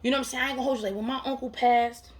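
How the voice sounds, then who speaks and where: Woman counselor, higher voice, emphatic street-slang monologue, hammers lines by repeating them. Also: fairly even intonation, very fast. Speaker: mental health counselor. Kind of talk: heartfelt motivational monologue to camera.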